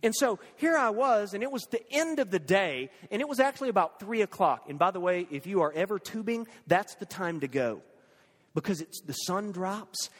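A middle-aged father telling a dramatic personal story, swinging between loud bursts and hushed whispers. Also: fairly high pitch, long reverb tail.

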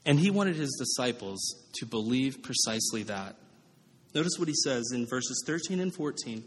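A man's voice: mid-range voice, lively intonation, moderate pace, breathy edge. A man preaching a sermon as pastor, in a conversational way with frequent "right?" asides. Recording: reverberant hall.

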